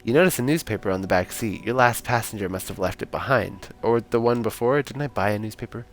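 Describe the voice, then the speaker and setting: A man's voice: on the low side, fast, soft background music. A man streaming a story game, reading its text aloud and chatting casually with viewers in between. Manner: relaxed reading broken by chatty comments to viewers.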